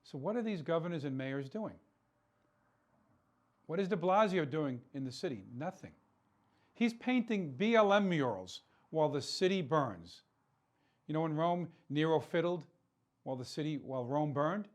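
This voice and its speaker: A man's voice: a little high, animated, moderate pace, pauses often. A man hosting a political talk show, delivering an impassioned commentary monologue full of rhetorical questions and repeated words for emphasis.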